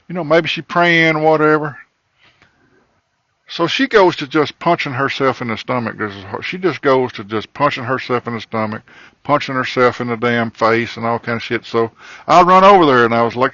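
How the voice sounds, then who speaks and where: Profane trucker spinning a crude yarn. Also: male voice, medium pitch, normal speed, creaky, dry recording. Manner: profane, rambling, animated in the quoted parts. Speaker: podcast host, trucker. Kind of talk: crude comedic storytelling. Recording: dull lo-fi recording, dry.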